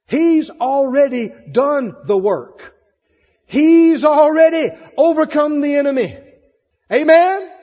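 A man preaching a sermon, animated, swinging between loud emphasis and soft asides. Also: very high voice, slow pace, long reverb tail, dull audio.

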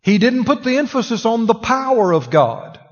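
A husky, high-pitched preacher leads a sermon, putting questions to his listeners as he goes. His voice carries a long reverb through a church hall. The recording is dull and lo-fi. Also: big pitch swings, moderate pace. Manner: conversational preaching, asks the congregation questions. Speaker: pastor. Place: church sanctuary.

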